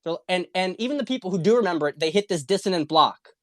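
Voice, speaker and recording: A man's voice: high voice, expressive, fast talker, no room sound, clean studio sound. A man hosting a political talk stream, ranting in a rambling, repetitive and profane way with a lot of heat. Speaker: political commentary host. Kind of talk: casual livestream monologue.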